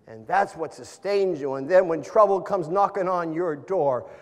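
Male pastor, fairly high voice, dynamic sermon delivery, long hall reverb. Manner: dynamic preaching, swings from loud emphatic to soft and low; repeats and stresses key words slowly.

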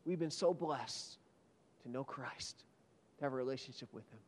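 A man preaching a sermon with dramatic storytelling, swinging between loud emphatic peaks and hushed, almost whispered lines. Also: medium pitch, moderate pace. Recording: long hall reverb.

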